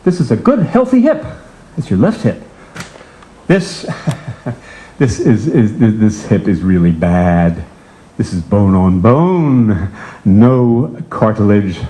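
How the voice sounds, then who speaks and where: A man voicing a matter-of-fact male doctor explaining an X-ray calmly. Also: lowish voice, slow pace, pauses often, pitched below the performer's own voice, poor audio.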